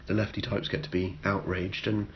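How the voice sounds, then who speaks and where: Podcast host, wry man, low voice, muffled lo-fi sound, faint hiss. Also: flat delivery. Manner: wry, dry joking, talks in halting restarts. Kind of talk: casual podcast chat.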